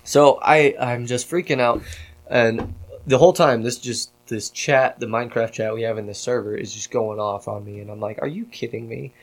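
A male podcast host tells a story in loose, casual chat. He swears freely and gets worked up as he goes, with a voice of middling pitch. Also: fairly even intonation, moderate pace.

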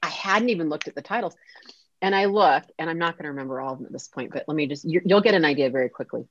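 A woman who is a guest on a podcast, telling a story in a lively way and acting out the lines people said to her. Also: sits low, fast. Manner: animated, acts out quoted dialogue. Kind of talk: casual storytelling interview. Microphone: podcast mic. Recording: dull lo-fi sound.

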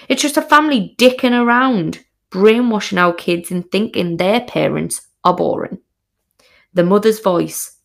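A woman's voice: on the low side, creaky. Sweary, frank woman. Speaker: podcast host. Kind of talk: first-person storytelling.

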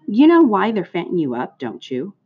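A gloomy old ewe delivers hard truths bluntly, her voice a touch raised and lively, as a woman puts her on while reading a storybook aloud. The recording is dull and lo-fi. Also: lowish voice, moderate pace, breathy edge, full character voice. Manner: matter-of-fact, blunt. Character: blunt old female sheep, gloomy and sharp-tongued.

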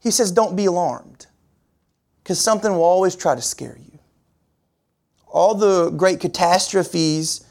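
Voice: unhurried, long pauses, a little mellow. A preacher delivering a sermon in an earnest, repetitive way, asking the congregation rhetorical questions and pushing key words up and down for emphasis. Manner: pitch and pace swing widely for emphasis.

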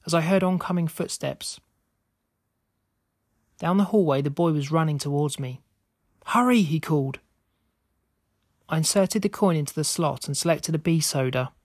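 A man reading a scripted spooky story aloud in a steady, measured way. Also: on the high side, dry recording, studio quality. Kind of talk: scripted narration.

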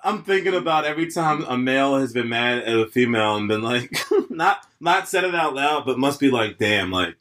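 Laid-back young man with lively pitch. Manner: laid-back, laughs often, drawn-out asides. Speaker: podcast co-host. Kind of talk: casual chat.

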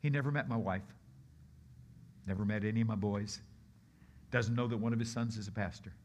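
A middle-aged man, a guest pastor, delivers a storytelling sermon in a lowish, slightly quick voice with a bit of hiss or hum in the background. He's animated, acting out the characters' voices and getting the congregation to repeat a phrase after him.

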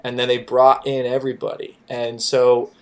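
Florida guy on a podcast, rambly and sweary, lots of likes and ums, mid-pitched voice. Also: completely flat delivery, normal speed. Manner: profane, rambling, lots of fillers and restarts. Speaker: podcast guest. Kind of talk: casual podcast chat.

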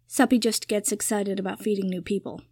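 A woman's voice: mid-range voice, fairly even intonation, brisk, darkish tone, no echo, close to an everyday voice. Woman voicing a dry, aloof young man.

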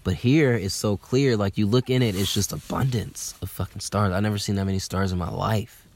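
A young man from telling a casual, animated story, swearing freely and using lots of fillers. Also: lowish voice, fairly quick. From Atlanta, USA. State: slightly hungover.

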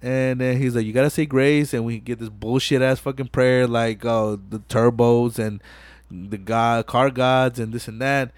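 A man's voice: medium pitch, unhurried, dry recording. A man hosting a podcast, casually recapping a movie scene by scene, swearing a lot and acting out the characters' lines. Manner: animated retelling with profanity, acts out lines. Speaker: podcast host.

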